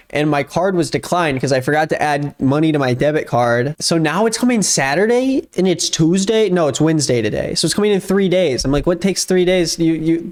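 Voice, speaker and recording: Anxious self-mocking young man vlogging. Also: a little high. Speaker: YouTuber. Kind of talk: casual vlog.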